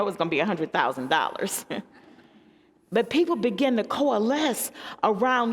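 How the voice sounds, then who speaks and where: Animated woman pastor in an echoey hall. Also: normal speed. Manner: animated storyteller with emphatic pitch swings. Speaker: pastor on a discussion panel. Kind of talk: panel discussion.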